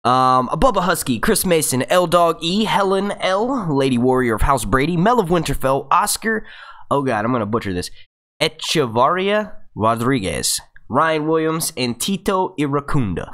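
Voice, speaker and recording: A man's voice: a little high, sing-song, normal speed, fairly bright tone. A young man hosting his own live stream, chatting casually and rambling, swearing freely and laughing at his own slips. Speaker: YouTube host.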